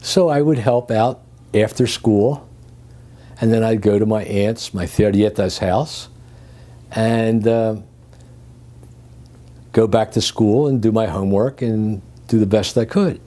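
An older man from Greece, recounting his working life as an interview guest, with lively chuckling storytelling. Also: lowish voice, takes it slowly, long pauses.

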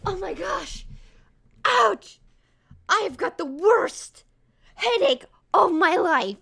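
A woman's voice: very high voice, big pitch swings, slow, creaky, bright, forceful tone. A young woman hosting a gaming channel, chatting and playing in a bubbly, dramatic, mock-offended way. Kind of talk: casual gaming commentary.

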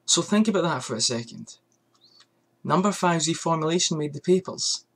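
A man's voice: on the high side, animated, normal speed, fairly bright tone. Angry swearing man ranting. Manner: angry, swearing, rhetorical questions. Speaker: fragrance reviewer. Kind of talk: ranting vlog.

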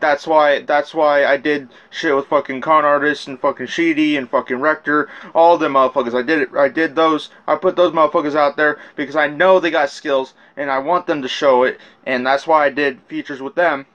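A man's voice: a little high, steady tone, fairly quick, few pauses, a bit bright, muffled recording. Rambling, profane man with a raised voice. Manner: profane, rambling, with many restarts. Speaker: rapper telling his side of a feud. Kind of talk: casual rant recounting messages.

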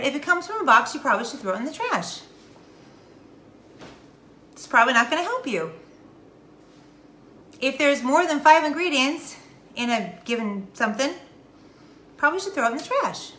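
A woman's voice: high-pitched, very animated, moderate pace, pauses often, bright, forceful tone. A middle-aged woman talking casually to her followers, emphatic and preachy, repeating her key points. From Texas. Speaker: wellness vlogger. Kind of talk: casual direct-to-camera talk. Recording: echoey room, faint noise.

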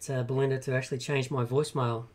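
An Australian man joining a live stream for some relaxed, casual banter. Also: mid-range voice, fast. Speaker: guest caller. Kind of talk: casual chat.

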